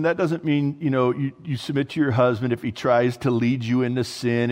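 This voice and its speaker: A male pastor preaching a sermon in a conversational way, with joking asides and restarts mid-thought. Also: medium pitch. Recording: long hall reverb.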